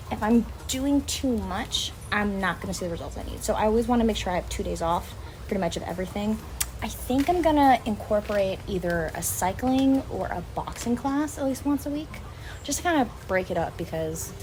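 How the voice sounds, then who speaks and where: A woman's voice: medium pitch, slight background noise, poor audio. A young woman talking casually to camera as a fitness vlogger, chatty, blunt and emphatic. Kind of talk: casual vlog talk to camera.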